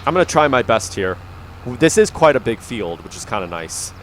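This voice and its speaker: A man's voice: medium pitch, sing-song, moderate pace, slight background noise. A man giving rambling, easygoing commentary while playing a farming video game, with frequent ums and the hiccups. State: has the hiccups. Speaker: gaming YouTuber. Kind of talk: casual gameplay commentary.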